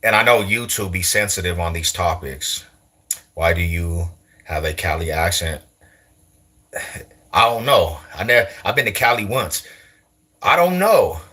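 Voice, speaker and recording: A man's voice: deep voice, animated, unhurried, long pauses, bright, forceful tone. A man in his forties from East Side Denver with a local street accent, chatting casually on a livestream in heavy slang, repeating himself and laughing often. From East Side Denver, Colorado. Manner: slangy, repetitive, laughs a lot between remarks. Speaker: YouTuber. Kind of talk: casual livestream chat answering comments.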